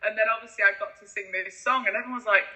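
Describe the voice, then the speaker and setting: A woman with a deep voice, telling animated stories as a podcast guest. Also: very fast, low-quality recording. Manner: animated, acts out voices in anecdotes. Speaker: guest singer-songwriter. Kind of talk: casual interview storytelling.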